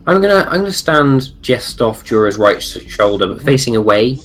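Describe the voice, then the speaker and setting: A man's voice: medium pitch, big pitch swings, poor audio. A man playing a tabletop game, describing his moves thoughtfully with restarts. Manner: thoughtful, halting. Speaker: player.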